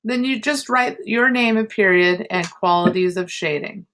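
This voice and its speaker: A woman's voice: mid-range voice, moderate pace, a bit bright. A woman art teacher teaching an online class from home over a computer mic, explaining step by step with chatty asides. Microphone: computer mic on a video call.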